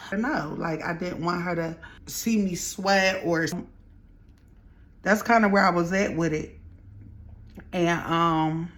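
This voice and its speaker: A young woman vlogger chatting through a storytime while she does her makeup, animated and slangy. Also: fairly low pitch.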